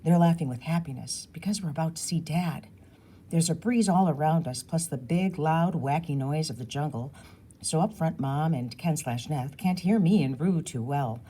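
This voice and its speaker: A woman reading a children's novel aloud in a lively, expressive storytelling manner. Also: low-pitched, moderate pace, slightly rough. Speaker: audiobook reader.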